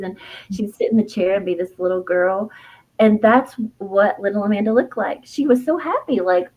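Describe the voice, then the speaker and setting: In a rough recording, a middle-aged woman who is an herbalist and author shares a personal story during an interview. Her medium-pitched voice sounds reflective and heartfelt, with fillers and soft laughs.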